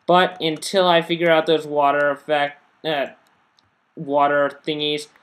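A man's voice: on the high side, flat delivery, a little slow, a bit bright. A man giving casual gameplay commentary as a channel host, tired and unwell, rambling and stumbling over his words as he corrects himself.

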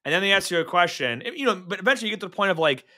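A man's voice: high voice, very animated, racing, bright, forceful tone. A man co-hosting a podcast in casual chat, chatty and full of joking asides. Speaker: podcast co-host.

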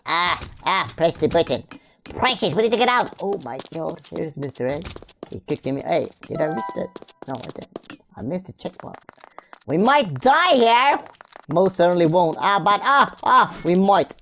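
A woman's voice: sits low, vocal fry, slight background noise. A woman giving playful game commentary, goofy and rambling, making up silly words and breaking into sing-song wordplay. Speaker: gaming video creator.

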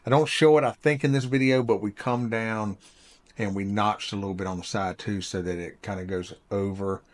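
A middle-aged man casually narrates his construction project as builder and channel host, plain-spoken and explaining each step as he goes. His voice is on the low side with a steady tone and moderate pace, on a dry recording.

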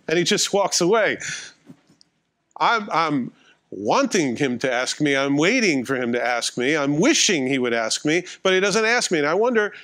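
A man's voice: fairly high pitch, fairly bright tone. A middle-aged male pastor delivering a sermon in a conversational, wry, self-mocking way, acting out little dialogues.

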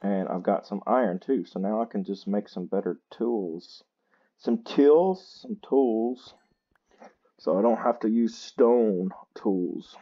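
A tired man, chatting slowly and poking fun at himself while he plays a game. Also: lowish voice, husky, lo-fi sound. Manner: slow, chatty and self-mocking. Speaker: gaming channel host. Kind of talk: casual gameplay commentary.

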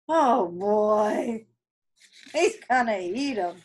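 A woman from an elementary school reading a picture book aloud to children, with playful, expressive asides and chatty comments. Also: on the high side, a little slow. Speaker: elementary school staff member.

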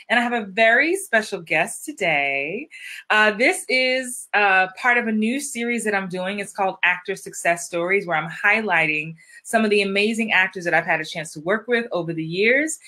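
Bright, upbeat woman hosting a livestream. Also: medium pitch. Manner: upbeat, chatty, greets viewers by name. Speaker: host, acting coach. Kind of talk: live-streamed interview.

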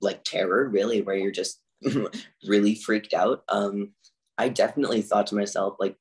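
A man's voice: fairly low pitch, fairly even intonation, moderate pace. A man, a drag artist talking casually as a podcast guest, with lots of "like" fillers. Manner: chatty, filler-heavy with frequent "like". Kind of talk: casual interview talk.

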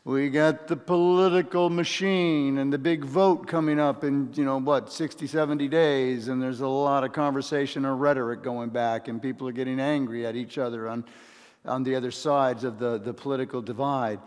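A man's voice: medium pitch, steady tone, normal speed, a little mellow, smooth, long reverb tail. A man preaching a sermon as a pastor, telling stories with chatty asides and acting out voices. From California.

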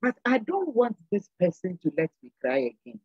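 Older church lady preaching earnest, husky voice, goes up and down a lot, dull lo-fi sound. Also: on the low side, huge pitch swings, moderate pace, dry recording. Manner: earnest, repeats phrases for emphasis. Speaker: panel guest. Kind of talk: sermon-like exhortation.

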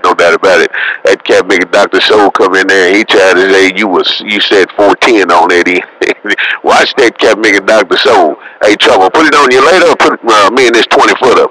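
A man's voice: sits low, sharp tone, low-quality recording. A man talking casually over CB radio, laid-back and full of radio slang and cussing. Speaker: CB radio operator. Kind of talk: CB radio chatter.

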